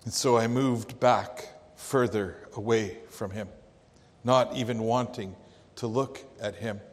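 A man gives voice to a heartbroken Jewish father, speaking in a halting hush as he tells the tale. His delivery is very slow and sits at a middle pitch. The monologue rings out with a long, echoing hall reverb. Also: steady tone, close to an everyday voice. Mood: grieving. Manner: slow, halting, hushed storytelling. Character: grieving Jewish father of a crucified thief. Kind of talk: dramatic first-person monologue.

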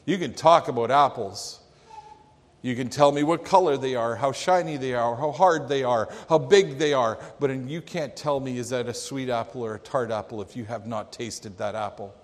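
A man pastor delivering a sermon in a church, telling a story with dramatic pauses. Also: medium pitch. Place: church sanctuary. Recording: long church reverb.

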